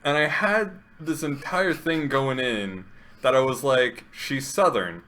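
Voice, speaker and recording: A man's voice: mid-range voice, animated, takes it slowly, a bit bright. A man who plays in a tabletop game, chatting casually, laughing often and hesitating with fillers. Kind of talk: casual podcast chat.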